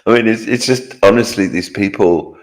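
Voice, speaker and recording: Low-voiced guy co-hosting a stream, chill, reads out chat comments and replies. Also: normal speed. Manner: relaxed, reads out viewer chat and answers it. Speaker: co-host. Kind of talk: casual live-stream chat.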